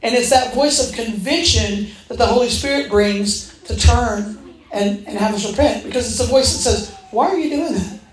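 At normal speed and with a fairly high voice, a woman preaches a storytelling sermon in a church hall, animatedly impersonating the voices she quotes. Echo fills the room.

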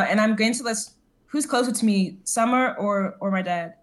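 A woman's voice: a little high, normal speed. A young woman playing a tabletop game in character, eager and stammering. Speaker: player.

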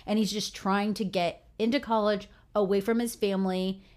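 A woman's voice: medium pitch, little pitch movement, moderate pace, darkish tone. A young adult woman co-hosting a podcast, chatting in a casual, upbeat way. Her voice sits in a middle range, and her talk is loose and friendly. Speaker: podcast co-host. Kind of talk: casual chat.

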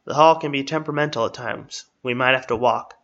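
A man's voice: medium pitch, brisk, fairly bright tone, close to an everyday voice. A man voicing a sarcastic, breezy male dimension-hopping guide. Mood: wry. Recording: slightly dull, lo-fi.

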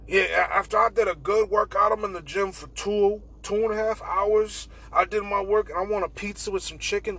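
A man's voice: high voice, steady tone, normal speed, vocal fry, few pauses, sharp tone, breathy edge, poor audio. A young man hosting a casual podcast monologue, rambling and swearing and saying "bro" a lot. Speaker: podcast host.

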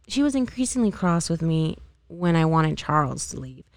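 Low gravelly woman reading a novel. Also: normal speed. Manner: unpolished reading with slips and re-reads. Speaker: amateur reader.

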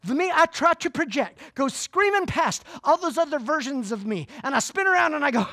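A middle-aged man from Florida with a Southern US accent gives a humorous motivational speech to a live audience, telling folksy, animated stories. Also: very high-pitched, a little fast, few pauses. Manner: folksy, animated storytelling with jokes. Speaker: keynote speaker. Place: conference room before a live audience.

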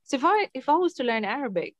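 A woman's voice: sits high, very animated, fast talker, no room sound, highs cut off. Probing woman host, dry close sound. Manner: probing, questioning. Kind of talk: casual podcast discussion.

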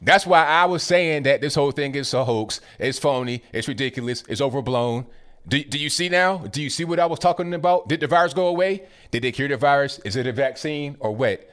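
A man's voice: medium pitch, animated, fairly quick, a bit bright. A man reacting to video clips in casual commentary, sarcastic and full of rhetorical questions.

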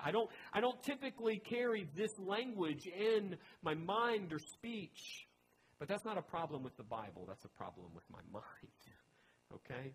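A man's voice: mid-range voice, very animated, fairly quick, fairly bright tone, a little hiss or hum, poor audio. A man preaching a teaching sermon in a chatty way, with joking asides to his listeners. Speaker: pastor.

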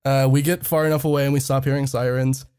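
A man's voice: medium pitch, level tone, fast talker, a little mellow, clean tone. A young man casually telling a funny story on a podcast, swearing freely and laughing often as he talks. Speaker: podcast host.

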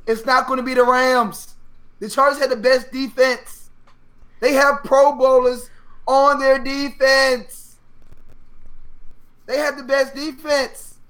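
Male sports-show co-host, unhurried delivery, animated storyteller who laughs a lot. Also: very high voice. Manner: animated storytelling, acts out players' reactions; laughs often. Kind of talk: casual sports chat.

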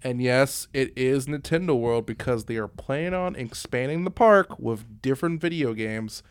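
A young man co-hosting a casual chat podcast, animated, laughing and swearing often. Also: mid-range voice, moderate pace, smooth. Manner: animated, laughing, swearing, slips into exaggerated impressions. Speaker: podcast co-host.

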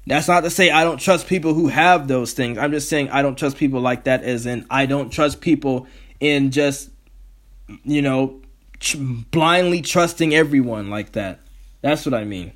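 A man's voice: mid-range voice, normal speed, fairly bright tone. Heated, profane man ranting solo. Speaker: podcast host. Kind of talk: solo podcast rant.

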